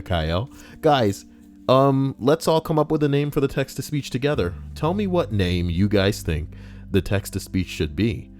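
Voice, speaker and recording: A man live-streaming, reading out stories and donations in casual, profane banter that jumps between mumbling and loud outbursts. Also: fairly low pitch.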